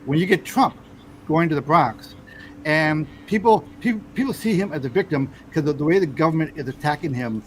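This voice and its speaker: A fairly high-voiced American man hosts a casual political talk, stumbling through restarts and fillers as he argues his point. A faint hum of background noise sits under his voice. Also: lively intonation, brisk, rough recording. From United States. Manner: hesitant, many fillers and restarts, pushes back. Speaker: host.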